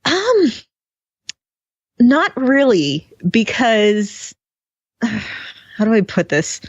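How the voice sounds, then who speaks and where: Co-hosting a fan podcast, a woman chats casually and sarcastically about a TV episode, laughing often. Her husky voice sits on the high side, swings widely in pitch and moves very slowly. There's no room sound, just a dull, dry lo-fi recording.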